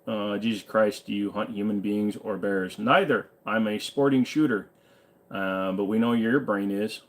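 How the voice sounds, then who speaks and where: Tired, laid-back man with a lowish voice. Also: fairly even intonation, measured pace. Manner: laid-back, chatty, reads comments aloud and answers them. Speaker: livestream host. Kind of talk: casual livestream chat reading viewer comments.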